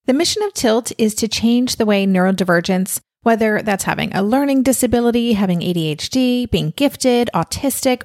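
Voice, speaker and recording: A woman reading a scripted promo for her podcast in a bright, upbeat way. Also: fairly high pitch, no room sound, clean studio sound. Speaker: podcast host in an ad.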